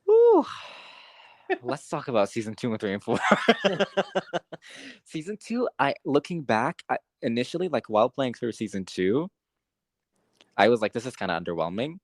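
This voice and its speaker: A young man co-hosting a podcast, talking casually with lots of fillers, rambling and getting excited. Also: mid-range voice, normal speed, no echo. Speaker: podcast co-host. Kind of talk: casual chat.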